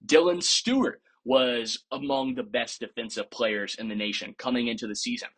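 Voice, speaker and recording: A man's voice: mid-range voice, normal speed, a bit bright, breathy edge. A man hosting a podcast, giving casual, opinionated sports commentary with a playfully sarcastic edge. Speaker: podcast host.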